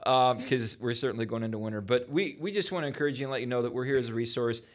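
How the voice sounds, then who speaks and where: Male pastor host, casual church chat, folksy encouraging storyteller, mid-pitched voice. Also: racing. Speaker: pastor hosting a church podcast.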